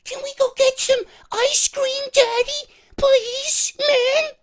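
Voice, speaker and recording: A man's voice: very high voice, level tone, slow pace, a bit bright, slight background noise, pitched above the performer's own voice, heavily acted. A man voicing a whiny little boy who keeps pleading with his dad. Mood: whining. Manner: pleading, whining.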